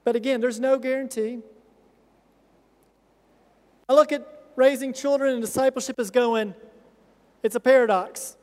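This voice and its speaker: A man's voice: very high voice, fairly even intonation, normal speed, pauses often. A middle-aged man preaching a sermon as a pastor, earnest and pleading. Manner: earnest, pleading with rising intensity. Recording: long reverb of a large hall.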